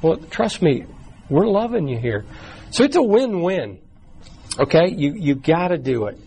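Recorded in the room with his church small group, a man leads the class casually and talkatively, restarting words often and briefly voicing quotes. His voice is fairly high, sing-song, unhurried, creaky and mellow, with slight background noise and poor audio quality.

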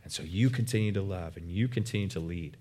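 A man's voice: low voice, quick pace, a little mellow. A man preaching a sermon as a pastor, earnest and emphatic, with frequent fillers and restarts.

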